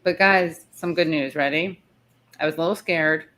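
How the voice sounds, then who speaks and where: A woman hosting a live chat show talks casually, rambling and cutting herself off, and mentions that she's tired. She's in the city rather than her usual spot. Her low voice comes at normal speed with a slightly bright tone, and there's a little hiss or hum.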